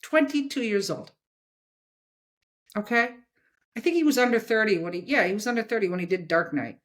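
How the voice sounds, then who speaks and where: A woman's voice: medium pitch, fairly bright tone. A woman talking bluntly and emphatically as a guest in a casual interview, often checking in with "okay?". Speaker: comics editor and guest.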